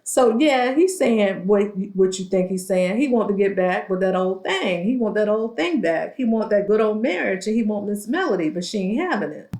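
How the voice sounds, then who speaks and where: A woman's voice: medium pitch, animated, normal speed, hardly any pauses, darkish tone. A woman giving a casual, sassy recap of a reality show, gossiping and acting out what the cast said. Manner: sassy, gossipy, acts out quotes in shifting voices. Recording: roomy echo.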